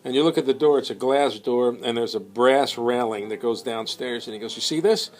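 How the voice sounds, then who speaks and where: A man's voice: medium pitch, steady tone, fairly quick, faint music behind. A man casually telling a long anecdote, rambling with many fillers and slipping into quoted voices. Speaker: storyteller.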